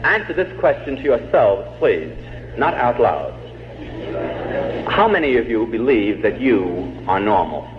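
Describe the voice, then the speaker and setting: A man's voice: mid-range voice, big pitch swings, unhurried. Joke-telling man lecturing on old tape. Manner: joke-telling, poses rhetorical questions to the audience. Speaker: public lecturer. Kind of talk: humorous public lecture. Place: lecture hall before a live audience. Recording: dull old tape in an echoey hall, faint hiss.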